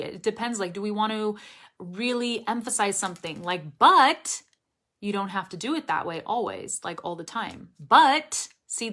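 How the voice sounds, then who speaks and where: A woman's voice: mid-range voice, sharp tone. A young woman teaching English pronunciation, chatting upbeat on a live stream while reading viewer comments aloud.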